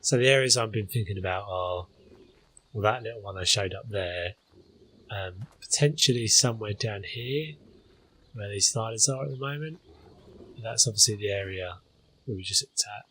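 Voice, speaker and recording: A man's voice: fairly low pitch, normal speed, pushed and bright, slight background noise. A man hosting a gaming channel, talking through his gameplay in a casual, hesitant way with many fillers.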